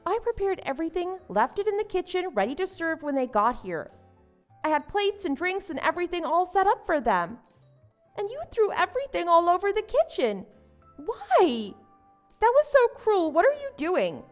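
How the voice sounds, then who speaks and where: A woman's voice: very high voice, sing-song, brisk, faint music behind. A woman voicing a wronged young wife and new mother who protests and pleads with her husband. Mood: indignant. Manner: indignant, pleading. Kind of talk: story drama voice acting.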